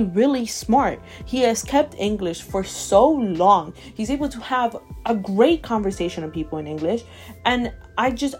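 A woman's voice: mid-range voice, darkish tone. A woman with a Southern American accent hosting a solo podcast, ranting emphatically and repeating herself for emphasis. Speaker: podcast host.

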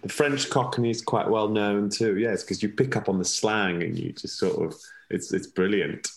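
A man's voice: lowish voice, moderate pace, creaky. A man from Italy with a mixed Italian and British-tinged English accent, talking casually as a podcast guest. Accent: Italian with British and Canadian English. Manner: chatty, laughs often, repeats words when starting. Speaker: guest, former ballet dancer.

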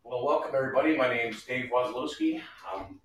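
A man's voice: medium pitch, steady tone, brisk, fairly bright tone, slight background noise. A man in his forties on a casual chat, calling in through a phone app, wry and easygoing. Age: 40s. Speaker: co-host calling in. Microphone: phone app call. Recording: distant echoey phone-app call.

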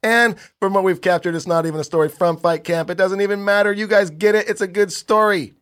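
A man's voice: high voice, fairly even intonation, fairly quick, fairly bright tone, clean tone. A man co-hosting a casual podcast who speaks in a laid-back way and swears easily. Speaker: podcast co-host. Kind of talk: casual chat.

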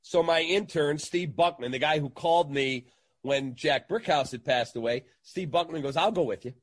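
A man, a sports radio entertainer, telling an animated anecdote in a casual interview and acting out the quotes. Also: fairly high pitch, moderate pace, no echo.

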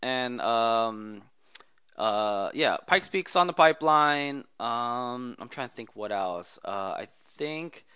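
A man's voice: mid-range voice, animated, slow pace, pushed and bright, smooth, no echo. A man talking as a guest in a casual interview, telling rambling stories in a chatty way. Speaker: guest, automotive photographer.

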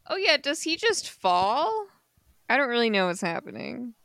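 A woman's voice: on the high side, big pitch swings, moderate pace, a bit bright, dry recording. A woman co-hosting a podcast, recapping a comic in casual chat with unsure asides and easy laughs. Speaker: podcast co-host.

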